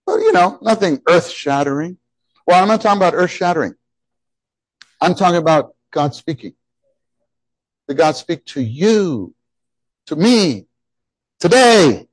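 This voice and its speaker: A middle-aged man preaching a sermon, animated and emphatic, often repeating his phrases. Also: a little high, unhurried, pauses often, dry recording. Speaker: pastor.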